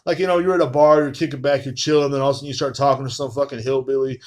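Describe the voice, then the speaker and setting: A man's voice: mid-range voice, steady tone, rapid-fire, darkish tone. A young man, ranting profanely in a casual, rambling monologue full of fillers as a podcast host. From Texas.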